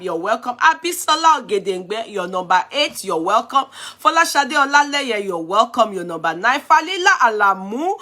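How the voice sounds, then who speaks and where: A woman's voice: a little high, pushed and bright. A middle-aged Nigerian woman with a Nigerian accent, chatting affectionately on a live stream and laughing often. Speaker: vlogger. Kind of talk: casual live-stream chat.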